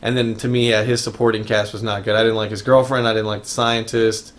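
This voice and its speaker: A podcast co-host chats casually about movies, rambling with frequent restarts and fillers. He speaks quickly in a lowish, level voice.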